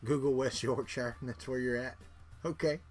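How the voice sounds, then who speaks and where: A man's voice: mid-range voice, fairly even intonation, moderate pace, a little mellow, soft background music. A middle-aged man from Florida with a Southern accent, chatting casually with live viewers in a rambling way, repeating words and chuckling. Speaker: livestream host.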